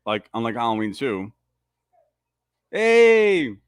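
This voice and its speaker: A man hosting a live movie commentary, riffing excitedly and swearing as he reacts. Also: medium pitch, moderate pace, no echo. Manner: excitable, profane fan riffing.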